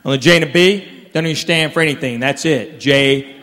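Performing stand-up at a comedy club, this man has a fairly bright, high-leaning voice and a fairly quick pace, drawling and chuckling at his own material. Audience laughter and room noise fill the reverberant live recording.

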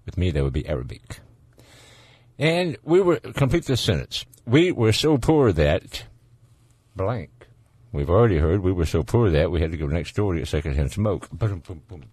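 A man's voice: sits low, big pitch swings, moderate pace, a little mellow, slightly rough, dry recording, studio quality. A man with a Southern accent hosting a call-in radio show, chatting in an easygoing, folksy way. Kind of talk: casual call-in radio chat.

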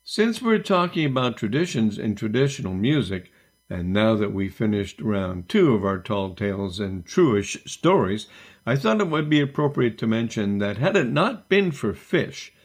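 Man hosting a show, deep and animated. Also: moderate pace. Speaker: host. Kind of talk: introducing acts at a show.

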